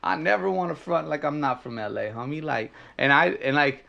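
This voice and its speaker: A young man with a Los Angeles South Central twang talks in a fairly high, animated voice. He chats casually as a podcast co-host, cursing freely and circling back with likes and restarts. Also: a little fast, creaky, dull audio. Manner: animated, profane, lots of fillers and restarts. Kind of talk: casual chat.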